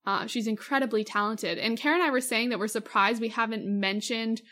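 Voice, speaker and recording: A young woman with a slightly high voice co-hosts a casual podcast. She gushes enthusiastically and fills her talk with likes and ums. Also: steady tone, fairly quick, pushed and bright. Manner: gushing, enthusiastic, lots of fillers. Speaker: podcast co-host. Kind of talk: casual chat.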